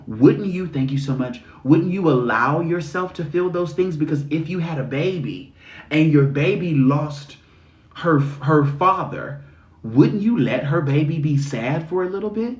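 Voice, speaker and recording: A man hosting a live stream, delivering a blunt, sweary motivational rant full of rhetorical questions, swinging into mocking high voices. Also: animated, measured pace. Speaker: spiritual reader and live-stream host. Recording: roomy echo.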